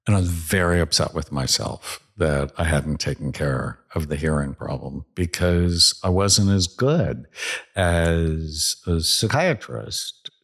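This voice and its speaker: A man with a deep, low voice hosts a podcast interview. He speaks slowly and deliberately, in an earnest, reflective way. He is a psychiatrist, and he talks as one. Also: lively intonation, slightly rough.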